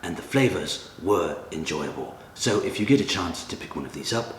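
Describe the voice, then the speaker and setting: Deep-voiced deadpan male reviewer. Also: moderate pace. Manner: dry, deadpan humor. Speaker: cigar reviewer, channel host. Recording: echoey room with faint ambient noise.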